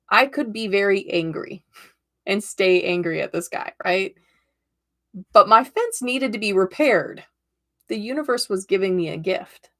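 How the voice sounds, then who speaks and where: Chatty, upbeat woman with a gravelly edge. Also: medium pitch, fairly bright tone. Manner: upbeat, chatty, storytelling with many "right?" tags. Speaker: tarot reader and livestream host. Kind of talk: casual livestream chat.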